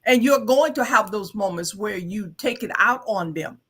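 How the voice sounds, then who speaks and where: A co-host on an advice show, giving earnest, halting counsel with frequent restarts and fillers. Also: medium pitch, bright, forceful tone, husky. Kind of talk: counseling talk.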